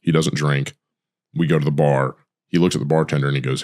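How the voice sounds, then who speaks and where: A man with a very deep voice talks fast in a casual podcast chat. He is blunt and teasing, swears freely, and tells stories. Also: steady tone, darkish tone. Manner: joking, blunt, profane storyteller. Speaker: podcast host.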